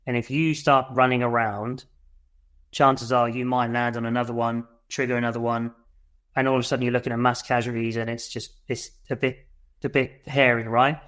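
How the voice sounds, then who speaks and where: Blunt ex-soldier telling a war story. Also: male voice, mid-range voice, flat delivery, moderate pace. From United Kingdom. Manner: blunt and swearing, re-enacts his shouts. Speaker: military veteran guest.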